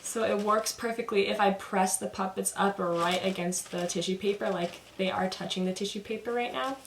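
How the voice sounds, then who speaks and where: A woman's voice: medium pitch, steady tone, normal speed, slight background noise. A young woman student chatting enthusiastically as she explains her project in a home basement. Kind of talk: casual explanatory video. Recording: echoey basement room.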